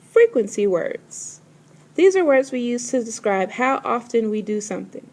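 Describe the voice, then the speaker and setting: Slowly and carefully, a woman teaching vocabulary pronounces each word and then says it a second time. Her voice sits a little high, with a sing-song lilt and a darkish tone.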